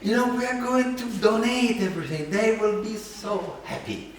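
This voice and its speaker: A man with an Italian accent telling an animated, self-mocking story as a keynote speaker. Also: high voice, normal speed, recorded from a distance, crowd noise. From Italy. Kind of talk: storytelling talk. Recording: echoey hall, mic from afar.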